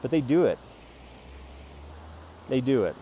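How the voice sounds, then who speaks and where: A man rambling jokingly about his photo prints in a self-promoting monologue, jumping between loud bursts and quiet mutters. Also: mid-range voice, sing-song, a little slow, slight background noise. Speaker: amateur photographer selling prints.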